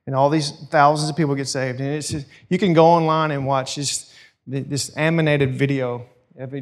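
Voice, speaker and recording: A man preaching a sermon in a casual, storytelling way. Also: a little high. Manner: conversational storytelling, animated. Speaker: pastor.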